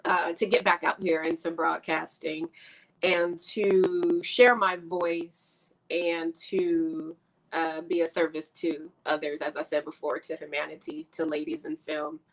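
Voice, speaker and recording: A woman from Detroit hosting a live online interview, talking in an emotional, halting way and laughing often. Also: deep voice, little pitch movement, rough recording. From Detroit, Michigan. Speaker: host.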